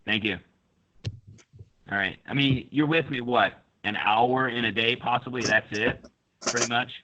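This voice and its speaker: A man's voice: mid-range voice, a little slow, pushed and bright, poor audio. A man teaching an online grammar class, explaining step by step and calling on students.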